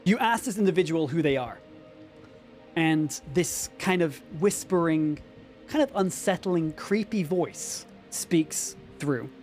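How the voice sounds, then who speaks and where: A man narrating a tabletop game as game master on a live stream, talking straight to the chat in a lively way. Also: a little high, measured pace, faint music behind. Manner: lively, addresses chat directly, frequent fillers.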